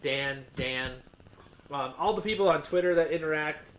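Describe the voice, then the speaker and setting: A man's voice: fairly high pitch, moderate pace, a bit bright, low-quality recording. A man co-hosting a podcast in casual chat, rambling with many fillers and restarts. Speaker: podcast co-host.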